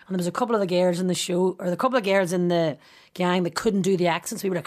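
A woman's voice: lowish voice, fairly even intonation, racing, darkish tone. A woman with a Northern Irish Derry accent, chatting as a guest and telling stories full of local slang with a laugh. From Derry, Northern Ireland. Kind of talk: casual chat.

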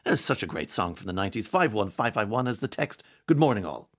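Male radio presenter, rapid patter, rambling jokey asides, studio mic. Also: fairly low pitch, big pitch swings. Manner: rapid, rambling, joking asides with frequent restarts. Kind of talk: lively morning radio chat.

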